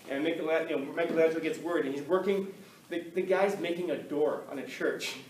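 A male teacher telling a story to his class in an animated way, acting out the voices of the people in it. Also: fairly high pitch, brisk, slight background noise. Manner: animated, acts out quoted voices. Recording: echoey classroom, mic from far off.

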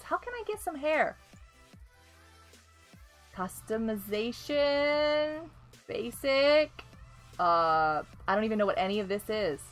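A woman hosting a casual gameplay live stream, excitable and giggly as she reacts to the game and greets viewers by name. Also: fairly high pitch.

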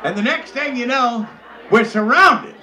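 A man telling a crude comic story on stage in a bar, loudly and boisterously, often shouting. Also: very high-pitched, unhurried. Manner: loud, boisterous, crude delivery with frequent shouts. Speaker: comedian. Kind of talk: live stand-up storytelling. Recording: echoey bar with crowd noise.

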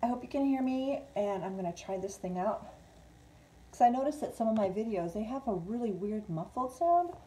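Brief: woman, live tarot host, chatty, slightly high, soft mellow tone. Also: expressive, normal speed, slight background noise, rough recording. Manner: chatty, switches between English and Spanish. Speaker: tarot reader. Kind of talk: casual live tarot reading. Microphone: small clip-on mic.

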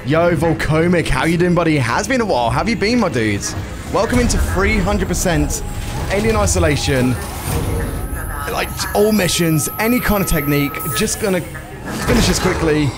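A young man streaming a speedrun, chatting to viewers and reacting loudly to close calls. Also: high-pitched, moderate pace. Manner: excitable, shouts and laughs at close calls, greets chat casually. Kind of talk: excitable live gameplay commentary. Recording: game music playing behind.

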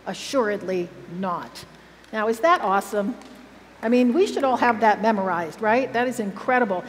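A woman's voice: medium pitch, lively intonation, moderate pace. Woman preacher, emphatic sermon delivery, echoing church hall recording. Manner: earnest, emphatic, asks the congregation questions. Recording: church hall recording with reverb and faint hum.

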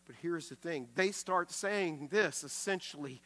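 A male pastor delivers a sermon in a bright, forceful voice pitched a little high. He preaches with emphasis, dropping to a hush and then rising again. He often repeats a word as he restarts a thought. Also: measured pace, hardly any pauses. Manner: emphatic preaching that swings from loud to hushed; acts out quoted speech with raised voice.

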